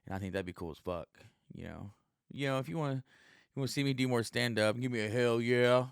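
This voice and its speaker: A man's voice: medium pitch, fast talker, clean tone, dry recording, clean studio sound. A man hosting his own podcast, a stand-up comic rambling casually and profanely with lots of fillers. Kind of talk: casual solo podcast monologue.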